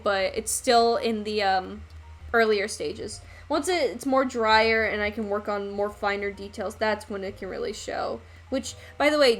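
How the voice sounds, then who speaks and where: Chatty young woman streaming while painting. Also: on the high side. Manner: chatty, reads and thanks viewers while painting. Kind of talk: casual livestream chat.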